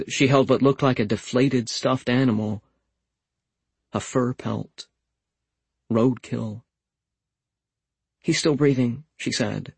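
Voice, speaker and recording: A man narrating a literary novel in a calm, measured, understated way on a close studio mic. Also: mid-range voice, creaky, slightly rough, no echo, low-quality recording. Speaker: audiobook narrator.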